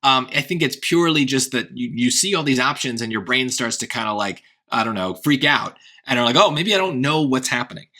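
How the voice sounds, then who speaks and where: A man's voice: medium pitch, brisk, hardly any pauses, pushed and bright. A man walking through a test grammar question as a tutor, thinking aloud in a casual way and checking in with "right?" as he goes. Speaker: SAT tutor.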